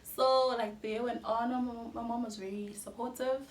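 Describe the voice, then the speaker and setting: A woman's voice: on the high side, steady tone, normal speed. Young South African woman, Xhosa-speaking accent, chatty confessional vlogger, roomy echo, faint hiss. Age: young adult. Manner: candid, chatty, mixes in Xhosa phrases, laughs between sentences. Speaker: YouTuber. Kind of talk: personal storytelling vlog.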